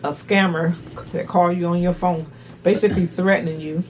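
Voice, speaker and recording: A man co-hosts a casual chat, prompting with short questions and comments. His voice sits a little high, and clear background noise runs under it. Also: steady tone, brisk. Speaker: podcast co-host.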